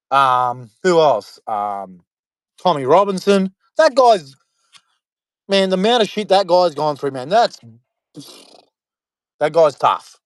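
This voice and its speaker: An Australian man delivers a casual, rambling monologue to camera, full of fillers and restarts, pressing his points emphatically until he drifts into preaching. His voice is high for a man and sounds close and dry, with no room sound or echo.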